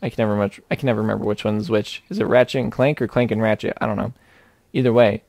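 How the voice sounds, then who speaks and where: A man's voice: on the low side, fairly even intonation, fast talker, gravelly, darkish tone, no echo. A young man giving casual, joking commentary as he plays a video game, rambling and talking back to the characters on screen. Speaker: let's play host.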